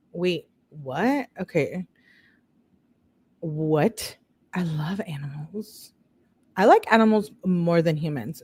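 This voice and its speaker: A woman's voice: on the low side, darkish tone. A woman hosting a true-crime video, reading text messages aloud in a casual way and breaking off to react and talk to her viewers.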